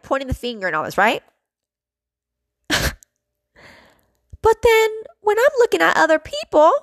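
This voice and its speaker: A woman's voice: mid-range voice, a bit bright, dry recording. A young woman hosting a podcast, venting about feeling misunderstood in a frustrated, emotional monologue full of fillers and swearing, close to tears. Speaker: podcast host.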